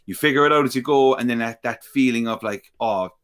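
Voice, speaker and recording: A man's voice: medium pitch, steady tone, quick pace, a bit bright, clean tone. Enthusiastic rambling man. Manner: enthusiastic, rambling, repeats words for emphasis. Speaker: podcast co-host. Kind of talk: casual chat.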